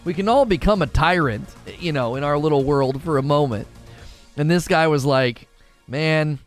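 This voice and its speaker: A man's voice: fairly high pitch, moderate pace, soft background music. A man hosting a live gaming talk show, ranting with emphatic opinions. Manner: animated, emphatic opinion rant.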